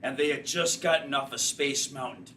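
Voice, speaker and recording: A man improvising a story on stage, narrating in a drawn-out, dramatic way. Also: medium pitch, steady tone, bright, forceful tone, roomy sound. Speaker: improv player. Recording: distant stage mic, faint noise.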